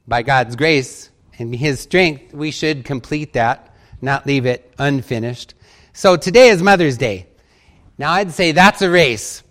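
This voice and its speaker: A pastor preaching a sermon, telling light, humorous stories in an easy storytelling manner. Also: male voice, a little high, a bit bright.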